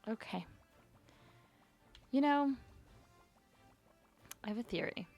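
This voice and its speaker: A woman chatting to herself while she plays a video game, rambling and giggly, her voice climbing high when she gets nervous. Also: animated, takes it slowly, darkish tone, soft background music. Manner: rambling self-talk, giggly. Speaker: streamer. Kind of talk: casual gameplay commentary.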